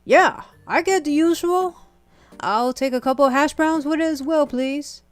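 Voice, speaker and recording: A woman voicing a friendly male tiger man, talking brightly and chattily in a game let's play. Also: high-pitched, normal speed, no echo, pitched above the performer's own voice, close to an everyday voice. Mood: cheerful. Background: faint game music.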